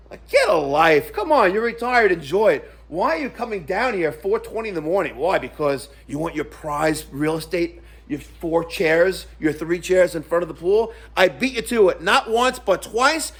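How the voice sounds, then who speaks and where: Middle-aged guy venting about his vacation, cussing, voice jumps all over, highish. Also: moderate pace, few pauses, husky. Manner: indignant, profane, animated retelling. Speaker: vlogger. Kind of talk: storytelling rant to camera.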